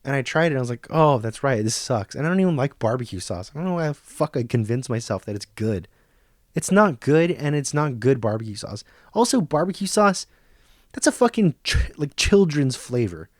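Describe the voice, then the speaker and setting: A man's voice: mid-range voice, big pitch swings, a little fast, dry recording, studio quality. Profane man ranting on a podcast. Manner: profane, ranting, mock nature-documentary whispers. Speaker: podcast host. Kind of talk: comedic monologue.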